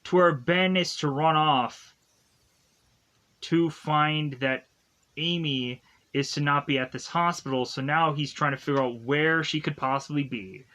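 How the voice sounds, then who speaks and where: A man with a slightly high voice walks through a movie's plot at an unhurried pace. He rambles in a casual, filler-laden way, like a reviewer thinking aloud. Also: pushed and bright. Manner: rambling, filler-heavy retelling with many "like" and "is to go on". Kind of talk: casual spoken plot recap.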